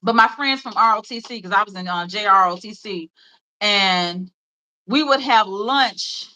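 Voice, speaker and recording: Memphis lady in her 30s rambling on a live stream, lots of um and you know, bright voice. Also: mid-range voice, unhurried, rough recording. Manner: rambling and chatty, with many fillers and laughs. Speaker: livestream host. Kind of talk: casual chat.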